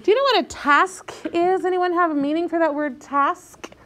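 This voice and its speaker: A woman teacher leading a reading lesson for young children, talking slowly and clearly and drawing out each word patiently. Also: extremely high pitch, fairly bright tone.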